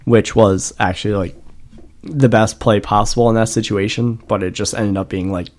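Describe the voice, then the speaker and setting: A man co-hosting a casual podcast, his voice sitting a little low. He tells long, rambling stories full of swearing and laughs through them. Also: steady tone, normal speed, darkish tone. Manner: rambling profane storytelling, laughs often. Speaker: podcast co-host. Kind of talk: casual chat.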